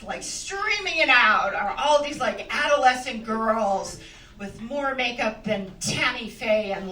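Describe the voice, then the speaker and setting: This is a middle-aged woman's stand-up set in a comedy club, delivered in a conversational, wry manner with frequent laughter of her own. She has a mid-range voice with a sharp tone and slight background noise. Audience laughter fills the roomy, distant-sounding recording.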